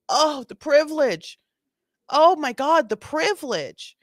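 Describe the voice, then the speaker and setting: A woman's voice: high-pitched, very animated, takes it slowly, dry recording, studio quality. A woman hosting a casual commentary on bodycam footage, sassy and exasperated, repeating her points. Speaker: host.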